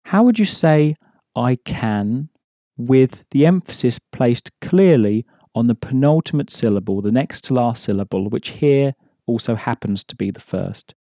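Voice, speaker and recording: Male language tutor, mellow and steady, dry studio read, patient and explanatory. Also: medium pitch, unhurried, dry recording. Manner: patient, explanatory, prompting the listener. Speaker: language teacher. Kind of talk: audio language lesson.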